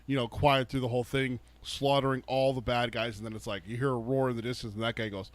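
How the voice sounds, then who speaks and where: A man of middle pitch joins a casual book club chat, talking animatedly, swearing freely and acting out how characters react. The recording is close and dry. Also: little pitch movement, quick pace, no echo. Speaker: podcast co-host.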